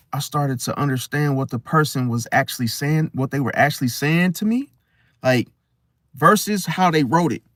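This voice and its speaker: A young man talking casually to camera, telling a personal story in an animated, slangy way. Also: on the high side, dry recording, clean studio sound. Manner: animated storytelling, slangy, swings loud and soft. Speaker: host.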